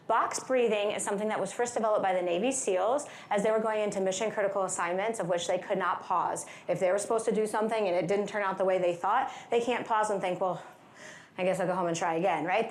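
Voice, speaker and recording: A woman giving an energetic, upbeat wellness talk at a conference, leading the audience through stretches and breathing with playful asides. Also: mid-range voice, echoey room. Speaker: wellness speaker. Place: large conference hall.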